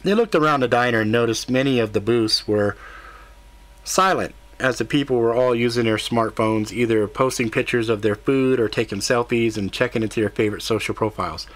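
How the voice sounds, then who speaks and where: A man reads an audiobook at a middling pitch for a man. His storytelling is steady and even. The narration is clearly scripted. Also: fairly quick.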